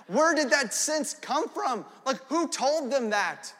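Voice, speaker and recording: Young male pastor, high bright tone, lively storytelling sermon, long hall reverb. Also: slow, few pauses. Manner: animated, storytelling, frequent "right?" asides. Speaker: preacher.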